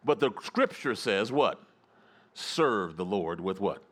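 Man, pastor, church sermon, animated call-and-response preaching. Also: on the low side, slow. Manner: preaching with call-and-response, rising to excited shouts. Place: church sanctuary.

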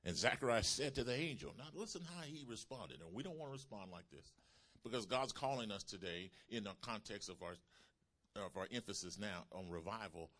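A man preaching with a bright, forceful voice that sits a little low. He builds his points with emphasis and calls out to the congregation. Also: lively intonation, brisk. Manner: emphatic preaching, rising to shouts. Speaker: pastor. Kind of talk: sermon.

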